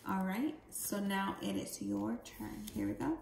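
A woman teaching a second grade phonics lesson, speaking slowly and clearly as she models reading aloud. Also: mid-range voice, echoey room. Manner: slow, clear, deliberate reading with expressive dialogue voices.

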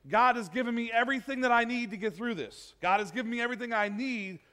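A man pastor giving a sermon in a church, conversational and animated, acting out what people say. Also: very high voice, fast. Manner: conversational, animated preaching with acted-out quotes.

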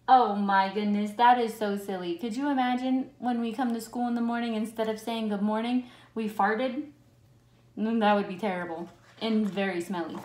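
A woman teacher reads a picture book to her class, taking her time and putting plenty of expression into each page. She stops often to point things out and ask the children questions. Her voice echoes around a roomy classroom. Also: medium pitch. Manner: slow, expressive, chats with the listening kids. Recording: roomy echo.

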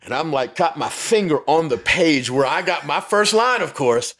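A man telling a lively story as a podcast guest, laughing often and acting out what others said. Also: fairly high pitch, moderate pace. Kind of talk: storytelling interview.

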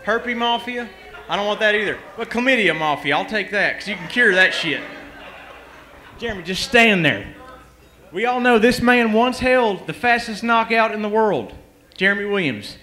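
Bright and forceful, with a high voice, lively intonation and normal speed, a man takes the mic as a guest fighter at a comedy roast. Before the live comedy club audience he trades profane, improvised banter, rowdy and crude, bragging and swearing constantly into a handheld mic.

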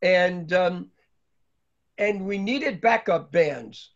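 Older guy from new york, highish voice, telling a rambly story full of ums, kinda muffled recording. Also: extremely slow, gravelly. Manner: rambling, lively storyteller with many fillers. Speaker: guest speaker. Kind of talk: anecdotal storytelling. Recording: dull lo-fi recording.

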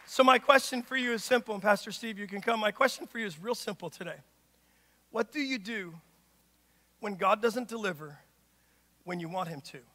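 A pastor preaches to his congregation in a very high, ringing voice, dropping quiet and then shouting for emphasis. His passionate delivery carries a long church-hall reverb. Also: normal speed, long pauses. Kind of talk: sermon. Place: church sanctuary.

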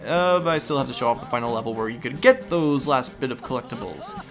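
A man talking casually over gameplay, chatty and wry. His voice is lively and rises and falls a lot. Faint music plays in the background. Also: medium pitch, fast talker. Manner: chatty, wry asides, frequent "uh" restarts. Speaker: gaming YouTuber. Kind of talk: casual let's-play commentary.

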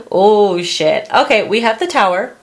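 A woman doing a casual tarot reading, blunt and crude, laughing often and acting out what people say. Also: mid-range voice. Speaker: tarot reader.

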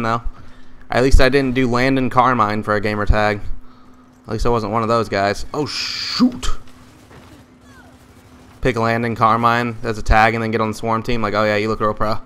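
A man giving loose, rambling live commentary over his own multiplayer match, excitable and full of profane, jokey trash talk. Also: on the low side, smooth. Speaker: gaming commentator.

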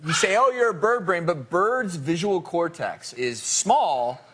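A man's voice: high voice, animated, a little slow, husky. A man hosting a TV talk show, introducing a guest and asking him questions in an upbeat presenter's manner. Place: TV studio with live audience. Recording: TV studio with loud audience and background noise.

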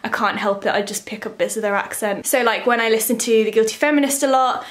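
A woman's voice: on the high side, fast talker. Chatty young woman vlogging. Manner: chatty and rambling, with frequent filler "like". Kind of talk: casual chat to camera.

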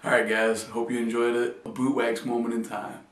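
A man's voice: medium pitch, flat delivery, normal speed. Brief: a laid-back male vlogger joking to camera, heard from the mic at a distance in a roomy space. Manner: loose, joking storytelling. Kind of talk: casual joking chat to camera. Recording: echoey room, distant mic.

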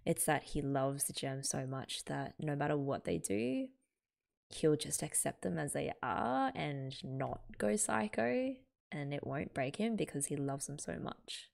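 Slow, gravelly Australian woman musing aloud. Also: low voice, animated, darkish tone. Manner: thinks aloud, corrects herself mid-sentence. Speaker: manga reaction host. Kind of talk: casual reading and reaction commentary.

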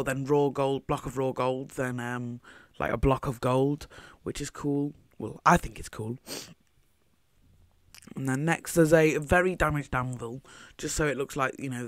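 A man's voice: mid-range voice, no room sound. Rambling man narrating gameplay. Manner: meandering, thinking aloud. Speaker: Minecraft builder commentating his own footage. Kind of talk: casual gameplay commentary.

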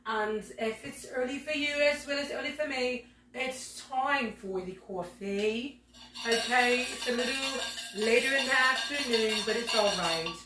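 A woman putting on the voice of a genteel tea-time hostess lady, drawing out her words in a slow sing-song, in a home kitchen. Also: fairly high pitch, noisy background, pitched above the performer's own voice, lightly acted. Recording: echoey room, voice from a distance.

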